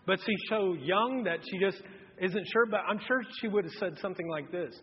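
A man in his thirties preaching a humorous sermon, telling a self-mocking story in an animated way. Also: high-pitched, a little fast, in a large hall, dull audio, slight background noise. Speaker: pastor. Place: church auditorium.

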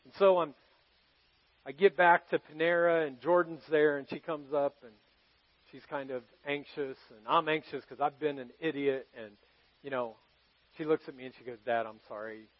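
High-voiced pastor, earnest and confessional. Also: male voice, steady tone, moderate pace, highs cut off. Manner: earnest, confessional storytelling to a congregation, swinging from loud to hushed. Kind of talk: sermon.

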